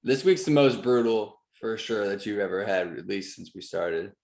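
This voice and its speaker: A man's voice: fairly low pitch, normal speed, creaky, darkish tone. A young man co-hosting a casual podcast, talking loosely with slang and lots of fillers. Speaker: podcast co-host. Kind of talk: casual chat. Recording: echoey room.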